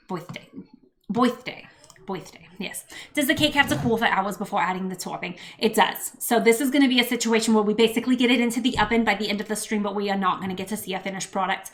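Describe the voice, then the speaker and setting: A woman's voice: medium pitch, low-quality recording. Bubbly, chatty mother hosting a cooking stream. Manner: bubbly and chatty, reads viewer comments, talks to her toddler. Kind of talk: casual livestream chat while cooking. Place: home kitchen.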